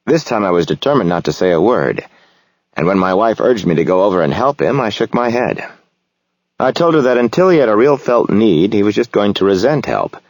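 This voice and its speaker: A man narrating a novel in the first person, reflective and measured. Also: sits low, a little mellow, no room sound. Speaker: audiobook narrator.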